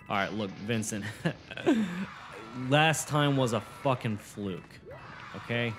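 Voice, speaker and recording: A man's voice: medium pitch, lively intonation, takes it slowly, fairly bright tone, soft background music. A young man commentating his own gameplay, swearing, boasting and getting frustrated as he talks to a friend. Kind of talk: swearing let's-play commentary.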